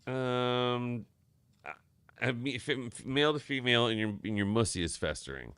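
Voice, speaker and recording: A man's voice: mid-range voice, normal speed, fairly bright tone, clear, resonant tone, no echo. A man hosting a live stream, chatting casually, reading viewer comments aloud and swearing offhand. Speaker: stream host.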